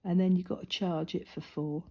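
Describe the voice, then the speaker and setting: A middle-aged woman, a craft vlogger, chats casually while colouring, out of breath and often laughing at herself. Her voice sits on the low side, dark and steady, at a normal speed. She comes across as chatty and self-mocking.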